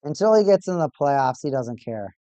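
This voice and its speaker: A streamer casually commenting on a live hockey game for a watch party, getting excitable over goals and repeating stats aloud. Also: medium pitch, moderate pace, dry recording. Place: home streaming setup.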